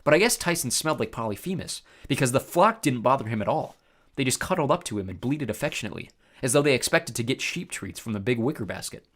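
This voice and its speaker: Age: adult. Sex: man. Style: expressive storybook narration, pitch that moves a lot, middle register. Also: quick pace. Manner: expressive first-person reading.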